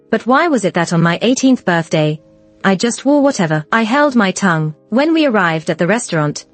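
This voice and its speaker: A young woman narrating a first-person story in a measured, even manner. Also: mid-range voice, no room sound. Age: young adult.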